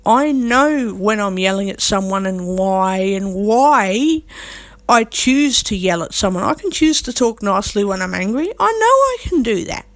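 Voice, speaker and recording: This female vlogger speaks off the cuff to camera in a medium-pitched voice with lively intonation and a slightly slow pace, recorded without echo. She's defiant and emphatic, coarse and blunt, repeating her points again and again.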